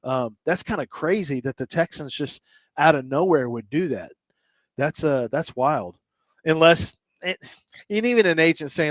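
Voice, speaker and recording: Brief: male radio co-host, slightly high voice, dry close studio mic, rambling casual sports talk. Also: animated, normal speed, no echo. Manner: rambling, thinks aloud with restarts.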